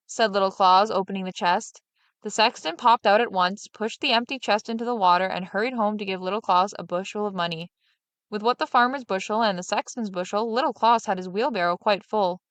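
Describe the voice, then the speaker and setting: A woman reading a fairy tale aloud as a storyteller, in a steady, even narration. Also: mid-range voice, brisk, no echo.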